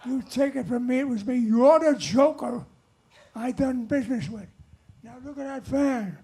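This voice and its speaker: An older man putting on a loud, blustering male customer who pushes a complaint. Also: very high-pitched, normal speed, creaky, slightly rough, exaggerated voice. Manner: brash and blustering.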